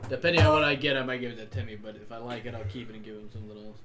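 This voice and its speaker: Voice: mid-range voice, fairly even intonation, racing. A player chatting casually in a tabletop role-playing game, laid-back and joking.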